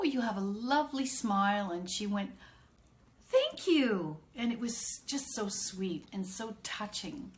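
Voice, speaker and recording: A middle-aged woman, an autism consultant, telling a chatty story on a live stream and greeting viewers by name. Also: mid-range voice.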